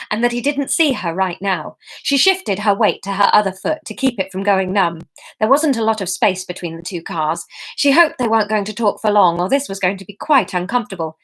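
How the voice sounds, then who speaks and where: A woman's voice: mid-range voice, fairly bright tone. A woman reading her own serialized story aloud on a live stream, chatting with viewers between passages with self-mocking asides.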